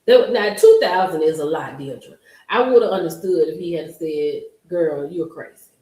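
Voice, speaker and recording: A woman's voice: on the low side, expressive, moderate pace, mellow. Chatty woman host in an echoey room. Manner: chatty storyteller addressing viewers directly. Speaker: livestream host. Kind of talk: casual gossip livestream chat. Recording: roomy echo.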